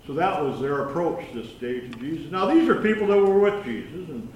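A man giving a conversational sermon with scripture reading, folksy and halting, with many restarts and asides. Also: fairly high pitch, lively intonation, a little hiss or hum. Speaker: lay preacher. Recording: echoey room from far off.

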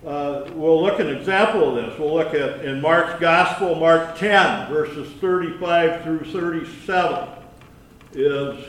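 A man giving a conversational sermon with scripture reading, folksy and halting, with many restarts and asides. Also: on the high side, a bit bright. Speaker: lay preacher. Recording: echoey room from far off.

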